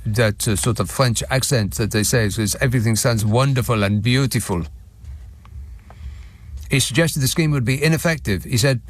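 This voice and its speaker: A man hosting a radio phone-in show, reading out listener messages with a sardonic, mocking manner in a studio. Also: medium pitch. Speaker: radio talk show host. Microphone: studio microphone.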